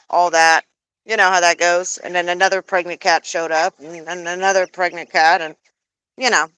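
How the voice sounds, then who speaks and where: A woman vlogger, sick with a lingering cold, chatting casually outdoors while tending her geese, dropping into high sing-song baby talk for them. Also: fairly bright tone, clean tone, no echo, rough recording. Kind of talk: casual chat while doing chores.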